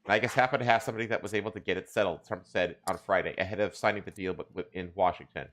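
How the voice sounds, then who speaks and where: A man hosting a podcast, reading news aloud in casual chat, crude and joking and quick to laugh. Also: deep voice, fairly bright tone. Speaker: podcast host.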